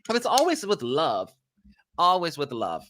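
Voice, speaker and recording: A man's voice: fairly high pitch, huge pitch swings, unhurried, a bit bright, a little hiss or hum. A man from Germany hosting a live stream, chatty and self-mocking, with a dry, sarcastic streak. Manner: chatty, self-mocking, reads viewer questions aloud. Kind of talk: casual live-stream commentary.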